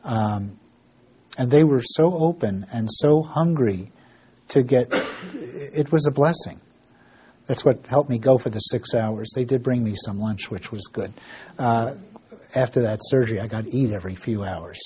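Mellow-voiced man telling a ministry story. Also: mid-range voice, a little slow, slight background noise. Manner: storytelling with frequent fillers and restarts; acts out dialogue in quoted voices. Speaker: ministry worker giving an update. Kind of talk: informal spoken ministry report.

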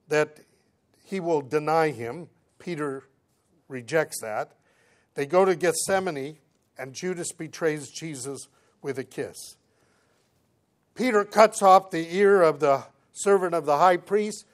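A man preaching, reading scripture aloud and explaining it in plain conversational words, swinging between emphatic lines and quiet asides. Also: fairly high pitch, slow pace, long pauses. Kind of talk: Bible teaching sermon.

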